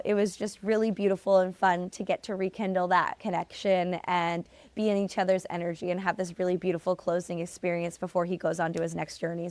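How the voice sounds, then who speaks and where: A woman's voice: medium pitch, a little mellow, dry recording. A young adult woman hosting a solo podcast, casually telling stories in a chatty way with lots of filler words. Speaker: podcast host.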